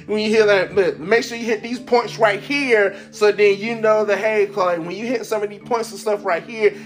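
A man hosting his own podcast, telling a casual story in an animated way, laughing often and acting out the voices of people he quotes. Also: high-pitched. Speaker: podcast host.

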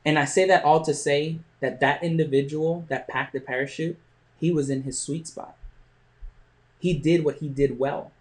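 A man hosting a podcast, telling a motivational story with frequent pauses and restarts. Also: fairly high pitch, fairly even intonation. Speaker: podcast host.

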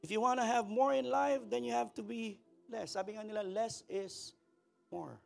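A man with a Filipino accent preaching a sermon in a church service. He is animated and calls for responses from the congregation. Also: very high-pitched, measured pace, vocal fry, long pauses, soft background music. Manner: switches between English and Tagalog mid-sentence. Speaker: pastor.

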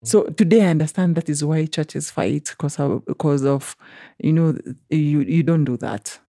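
A woman's voice: low voice, a little slow, dark tone, dry recording, studio quality. A woman with a Kenyan accent tells her personal story in an interview, earnestly and with frequent restarts, acting out what others said to her. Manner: earnest, retells events by acting out quoted speech.

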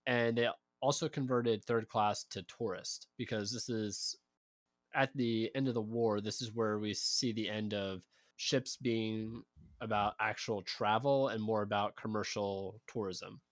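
A man's voice: on the low side, fairly even intonation, unhurried, no echo, studio quality. A man co-hosting a casual history podcast, explaining the story in a matter-of-fact, informative way. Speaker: podcast co-host telling the history.

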